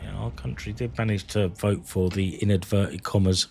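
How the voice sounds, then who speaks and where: A man's voice: on the low side, steady tone, normal speed, gravelly, music in the background. Chatty man streaming a game. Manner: rambling, chatty, talking to viewers in chat. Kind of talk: live gameplay commentary.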